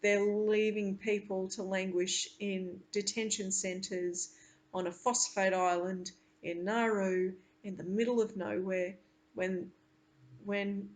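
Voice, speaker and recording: Earnest woman reading aloud. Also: medium pitch. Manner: earnest, pauses to explain with halting restarts. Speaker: teacher reading a novel aloud.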